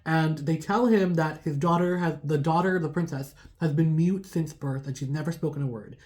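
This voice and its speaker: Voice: medium pitch, moderate pace, darkish tone. A tarot reader telling a folk tale in a chatty, casual way, full of fillers. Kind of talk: casual storytelling.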